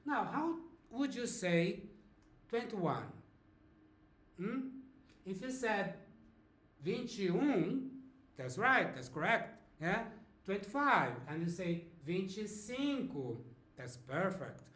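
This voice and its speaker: Slow-drilling Brazilian male teacher. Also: high voice, sing-song, a bit bright. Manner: slow, drawn-out repetition of words for learners. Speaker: language teacher. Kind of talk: language lesson with repeat-after-me drills. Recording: echoey room.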